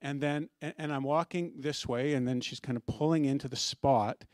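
Middle-aged male pastor, mid-range voice, relaxed storytelling sermon with light humor, dry recording. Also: medium pitch, normal speed, no room sound. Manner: conversational storytelling with gentle humor.

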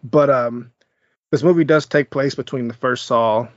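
A man's voice: mid-range voice, moderate pace, no echo, dull audio. A man hosting a podcast, giving a laid-back, chuckling movie review and recapping the plot. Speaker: podcast host.

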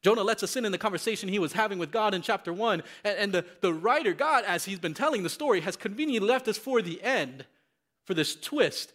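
A man preaching a sermon, reading scripture with dramatic, animated intensity. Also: sits high, fast talker.

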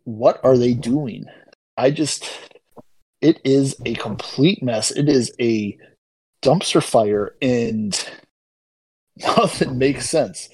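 A man's voice: medium pitch, takes it slowly, pauses often, a little mellow, breathy edge, dry recording, rough recording. A man co-hosting a sports podcast, talking in an exasperated, incredulous tone. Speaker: podcast co-host. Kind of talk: casual chat.

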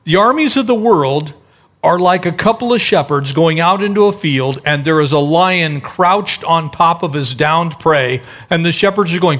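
A man's voice: a little high, lively intonation, moderate pace, a bit bright. A middle-aged male pastor preaching a sermon in a conversational way, acting out the voices in the stories he tells.

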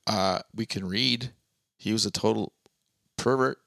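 A man co-hosting a casual comedy podcast, reading aloud from notes with quick off-the-cuff asides. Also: fairly low pitch, gravelly, a bit bright, dry recording. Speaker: podcast co-host. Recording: dry close-miked podcast audio.

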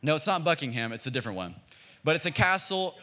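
Young American pastor, bright, lively tone, easygoing and jokey, pulls the congregation in to answer back. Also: male voice, a little high, fast. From United States. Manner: casual, joking, calls for congregation responses. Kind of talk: sermon.

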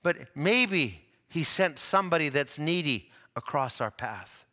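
A man preaching a sermon, telling stories with rising excitement and dropping to soft, low tones for tender moments. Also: measured pace. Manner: animated storytelling, voice climbing high at dramatic moments.

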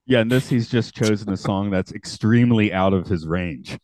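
A man hosting a podcast in casual chat, chatty and quick to laugh. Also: lowish voice, a little mellow. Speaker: podcast host.

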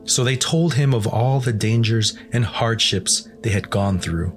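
A man narrating a storybook in a measured, plain way. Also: medium pitch, faint music behind.

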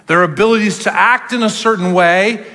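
A man preaching as a pastor, animated and acting out the voices he quotes. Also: high voice, moderate pace, big-room sound. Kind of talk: sermon.

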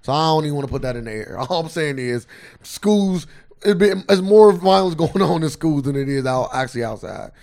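A man co-hosting a casual podcast, ranting and swearing freely, his voice jumping up high and loud when he gets heated. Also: expressive, brisk. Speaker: podcast co-host.

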